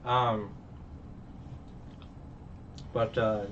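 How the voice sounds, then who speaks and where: A man's voice: on the low side, flat delivery, drawn-out words, a bit bright. Rambling man recapping a show. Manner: rambling, filler-heavy, laughs often. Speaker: reviewer. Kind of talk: casual episode recap. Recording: distant dull mic with faint noise.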